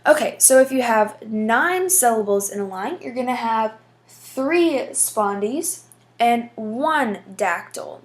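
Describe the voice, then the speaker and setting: A woman's voice: on the high side, animated, takes it slowly. A woman teaching a lesson, explaining patiently step by step with frequent fillers. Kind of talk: casual classroom explanation.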